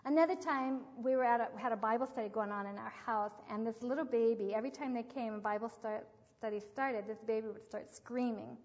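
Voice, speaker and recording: An older woman with a fairly high voice teaches about parenting, telling stories with lively acted quotes. The recording is muffled, and her voice rings out in an echoey hall. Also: fairly quick. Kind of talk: devotional teaching talk.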